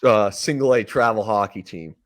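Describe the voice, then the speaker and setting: A man in his thirties from Canada, hosting a casual sports podcast, telling a game story in an animated way and acting out quoted lines. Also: fairly low pitch, moderate pace. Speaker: podcast host, former player.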